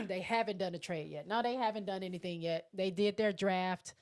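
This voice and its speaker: A woman hosting a live chat show, reading viewer comments and answering them casually, clearing her throat often. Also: mid-range voice, normal speed. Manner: chatty, reacts to each comment.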